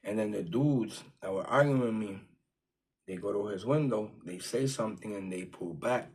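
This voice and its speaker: A man's voice: on the low side, moderate pace, a little mellow, slightly rough. A man casually telling a personal story in profane street slang, full of fillers like "you know what I'm saying".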